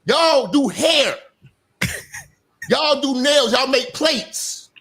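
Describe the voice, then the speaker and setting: A man's voice: very high-pitched, expressive, drawn-out words, fairly bright tone. A man lecturing emphatically and repetitively in a heated streamed debate. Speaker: debate guest.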